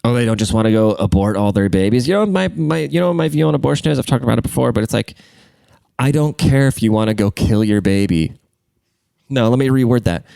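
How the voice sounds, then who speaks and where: This solo podcast rant comes from a young male host with a gravelly, medium-pitched voice, lively intonation and a quick pace. Congested and crude, he rambles while lurching between loud remarks and muttering, with no echo present.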